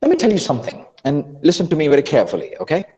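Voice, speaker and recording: Man, lively pitch, mellow tone, echoey room, webinar teacher. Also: rapid-fire, highs cut off. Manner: animated, coaxing, with repeated restarts. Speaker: accent and pronunciation trainer. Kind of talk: online lesson.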